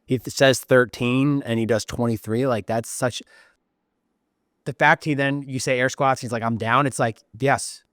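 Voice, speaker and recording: A man's voice: mid-range voice, fairly even intonation, normal speed, no echo. A male host leads a casual studio interview, encouraging his guest and reflecting back what he heard. His voice sits in a mid range and sounds dry and close to the mic. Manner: warm, encouraging questioner.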